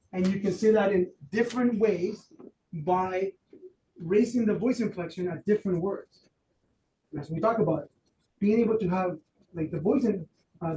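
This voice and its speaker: A man running a real estate training workshop, loose and animated, acting out quotes with plenty of fillers. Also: sits high. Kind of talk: workshop talk. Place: training room. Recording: roomy, distant, faint noise.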